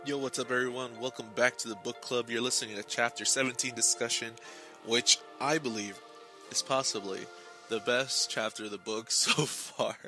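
A young man hosting a casual book club talk, rambling with lots of halting restarts and fillers, recorded on a close mic. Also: mid-range voice, steady tone, over music.

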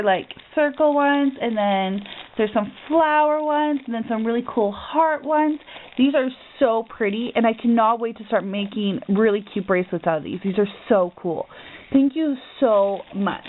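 Young woman vlogger, high-pitched and excitable, opening a package; tinny phone-like sound. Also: slight background noise. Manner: gushing, excitable, gasps often. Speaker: crafting vlogger.

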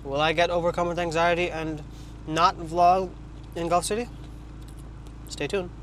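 A man's voice: fairly high pitch, flat delivery, unhurried, a bit bright, a little hiss or hum. A young man, vlogging from his parked car with a phone, rambling with jokey asides while he eats. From Trinidad. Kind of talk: casual car vlog while eating.

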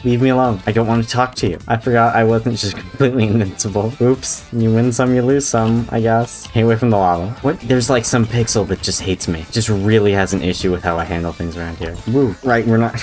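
Low-voiced man yelling at his game. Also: fairly even intonation, a little fast, hardly any pauses, soft background music. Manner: exasperated, self-mocking, talks to the game. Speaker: gaming YouTuber. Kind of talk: comedic gameplay commentary.

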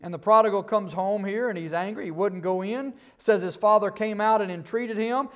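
A man preaching a Baptist sermon in a fairly high voice. He keeps asking his listeners rhetorical questions. He swings between loud bursts and quiet, low asides. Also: brisk, few pauses. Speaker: guest preacher.

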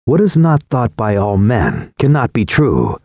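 A man's voice: on the low side, wildly swooping pitch, unhurried, darkish tone, dry recording, clean studio sound, full character voice. A man voicing a stern male council elder, cold and condemning, in a scripted storybook reading.

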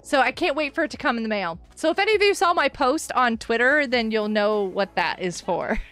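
A woman streaming a game live, giggling often and reacting excitedly while greeting her viewers. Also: fairly high pitch, a little fast, soft background music. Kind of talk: live-stream gameplay commentary.

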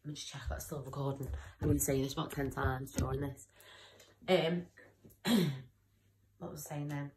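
A woman's voice: deep voice, fairly even intonation, normal speed, long pauses, darkish tone, reverberant, slight background noise. A young woman talking candidly in a personal vlog, rambling and often losing her train of thought. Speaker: vlogger.

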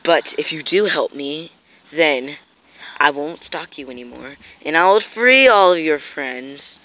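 A woman voicing a cruel, mocking nightmare villain in a fan animation, speaking in a hushed, taunting half-whisper. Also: deep voice, lively intonation, slow, exaggerated voice, poor audio. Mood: menacing. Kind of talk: amateur voice acting for a fan animation.

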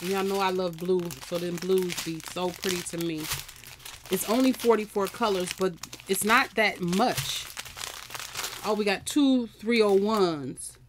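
A woman's voice: medium pitch, measured pace, background noise. A woman with chatting casually to viewers while unboxing a crafting kit. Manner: chatty, talks to viewers and camera. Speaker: crafting vlogger.

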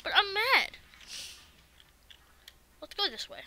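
A woman giving casual let's-play commentary, excitable and talking back to the game's enemies. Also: very high-pitched, slow pace, a little hiss or hum. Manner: excitable, swears and talks to the game enemies. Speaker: gaming video creator.

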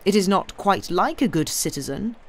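Croaky gloating juryman, storybook villain, read by a woman. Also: medium pitch, animated, moderate pace, pitched above the performer's own voice. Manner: relishing, gloating.

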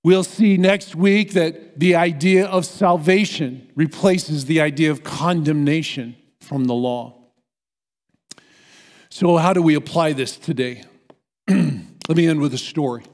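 A man's voice: a little high, unhurried, darkish tone. An American man preaching a sermon as pastor, earnest and emphatic as he tells a story. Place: church sanctuary. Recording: long hall reverb in a church.

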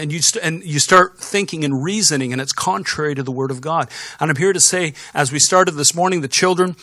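A man preaching a sermon as pastor, telling stories in an animated way with sound effects and voiced characters. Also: a little high, fairly quick, hardly any pauses, no echo, studio quality. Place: church sanctuary.

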